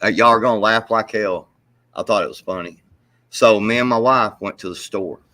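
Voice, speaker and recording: A man on a casual stream telling chat a funny story, animated and profane. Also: on the low side, moderate pace. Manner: animated, profane yarn-spinning. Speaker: stream co-host.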